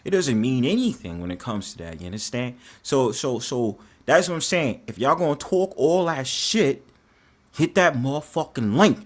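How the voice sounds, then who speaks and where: A man's voice: mid-range voice, big pitch swings, normal speed. A man with a thick New York accent hosting a casual livestream, brash and slangy, laughing often. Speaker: livestream host.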